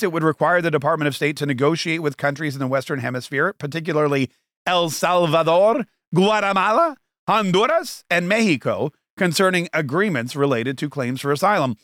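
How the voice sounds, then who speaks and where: A male podcast host rambles through a sarcastic political monologue, full of asides. His voice is somewhat high for a man with a fairly bright tone, recorded dry and close without room echo.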